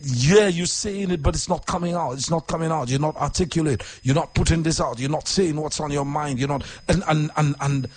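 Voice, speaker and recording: A man who hosts radio, talking casually about his week, deep-voiced when calm and emphatic with repeated phrases. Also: a little fast, few pauses, slightly rough. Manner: repetitive, emphatic, swings from quiet and low to high and animated. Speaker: radio host. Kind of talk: casual personal talk.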